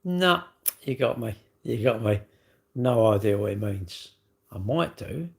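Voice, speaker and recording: A man's voice: medium pitch, animated, a little slow, gravelly. A middle-aged English man chatting casually on his own livestream, rambling and full of tag questions. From England. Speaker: livestream host.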